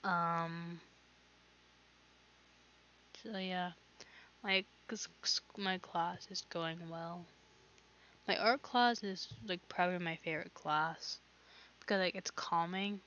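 A woman's voice: on the low side, steady tone, slow, long pauses, a bit bright, highs cut off. A teenage girl hosting her own podcast, chatting casually and rambling with lots of fillers and restarts. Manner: rambling, filler-heavy, self-interrupting. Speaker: podcast host. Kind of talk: casual solo podcast chat.

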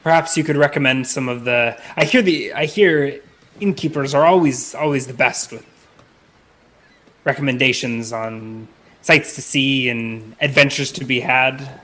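A man voicing a stiffly formal, pompous young mage in a tabletop game, lifting his pitch. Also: unhurried, bright, forceful tone.

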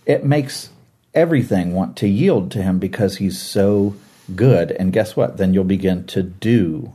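A man's voice: low-pitched, unhurried, dark tone, husky. A man discussing a Bible passage in an earnest conversational way, sometimes acting out quoted voices. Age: adult, former teacher. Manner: earnest, acts out quoted voices, laughs easily.

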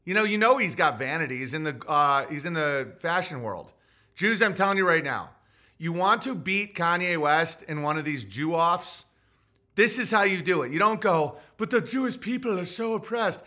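A man's voice: fairly high pitch, expressive, normal speed, pushed and bright. A man hosting a podcast, ranting casually in a profane, provocative, rambling way. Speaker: podcast host. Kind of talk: casual comic rant.

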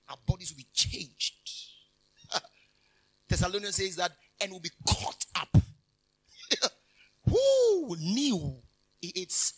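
A man's voice: high voice, pushed and bright, rough recording. A man preaching a conversational sermon, emphatic and jokey, breaking off with hallelujahs and laughter. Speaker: minister. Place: convention hall.

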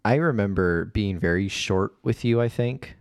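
A man with a low, gravelly voice co-hosts a casual podcast. He talks in an excitable, playful way and swears freely. The sound is close and dry. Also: moderate pace, dry recording. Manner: excitable, profane, playful outbursts. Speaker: podcast co-host. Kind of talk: casual chat.

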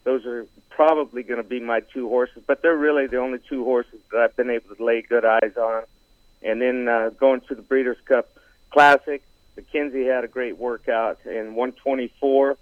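A man talking casually as a horse racing analyst guest, halting with lots of fillers and some teasing. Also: medium pitch, steady tone, no echo. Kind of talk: casual phone-in chat. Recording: tinny dry phone line.

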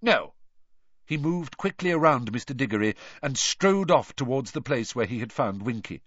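A man reading an audiobook aloud with expressive, lively storytelling. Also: medium pitch, moderate pace, no echo. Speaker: narrator. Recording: dry, dull lo-fi recording.

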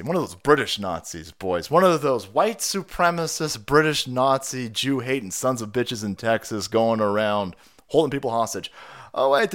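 A man's voice: on the high side, fairly bright tone. Profane, heated ranting man. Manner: profane, heated, sarcastic rant. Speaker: livestream host. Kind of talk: ranting political commentary.

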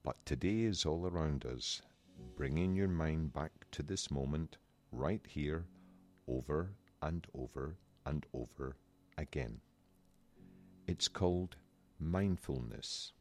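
A Scottish man reading the part of a calm, wise male panda, speaking gently and slowly. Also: extremely low pitch, faint music behind. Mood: gentle. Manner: gentle, slow and soothing.

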